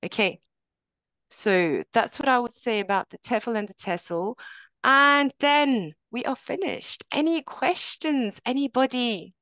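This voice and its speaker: A woman's voice: on the high side, animated, slow, fairly bright tone, no echo. Woman giving a workshop over a call, talky, lots of "okay", dry sound. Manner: chatty, repeats "okay" often. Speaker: workshop presenter. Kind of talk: online teaching workshop.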